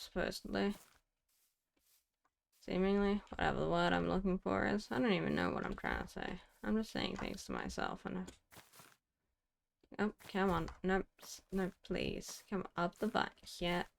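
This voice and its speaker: A woman's voice: mid-range voice, gravelly. A young woman streaming a game, chatting wryly to herself and scolding things in mock indignation. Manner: chatty, wry self-talk, mock-indignant. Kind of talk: casual gameplay commentary to herself.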